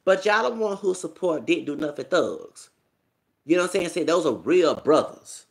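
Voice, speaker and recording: A man's voice: on the high side, animated, moderate pace, creaky. A man ranting in a commentary vlog, rambling and profane, repeating himself with lots of fillers. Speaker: YouTube commentator.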